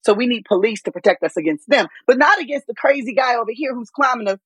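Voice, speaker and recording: A woman's voice: fairly high pitch, expressive, quick pace, a bit bright, husky, no echo, low-quality recording. A woman guest giving emphatic political commentary, firing off rhetorical questions. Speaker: guest, political organization CEO.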